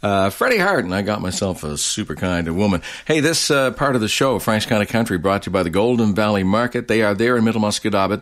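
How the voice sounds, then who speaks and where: A man's voice: fairly low pitch, animated, quick pace, few pauses, a bit bright. A man hosting a country radio show, reading a sponsor's spot in an easygoing, folksy way. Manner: easygoing, folksy, filled with uh's. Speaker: radio host.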